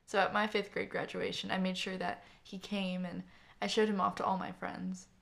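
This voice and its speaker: A woman narrator voicing a grieving young woman who gives a halting, tearful eulogy for her brother. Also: medium pitch, little pitch movement, vocal fry, a bit bright. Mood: reminiscing.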